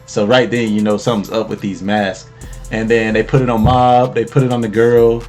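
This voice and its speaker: A man's voice: lowish voice, flat delivery, moderate pace, a little mellow, faint music behind. A man casually recapping an anime episode as host, laid-back and slangy, laughing as he tells it.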